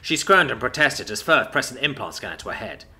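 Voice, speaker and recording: A male narrator telling a sci-fi story with a dramatic flair, his voice bright and forward. His delivery is animated, swinging widely up and down. Soft music runs faintly underneath. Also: medium pitch, brisk.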